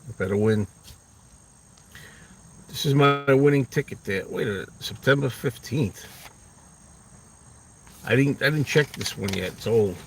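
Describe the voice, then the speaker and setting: A man's voice: medium pitch, a little slow, creaky, pauses often. A man in a car talking casually and rambling to his viewers, half to himself. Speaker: vlogger. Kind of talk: casual chat. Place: inside a car.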